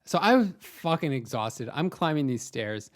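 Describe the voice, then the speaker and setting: In a medium-pitched, sing-song voice at normal speed, a young male podcast co-host stumbles through a funny story at his own expense. The delivery is casual, rambling and hesitant.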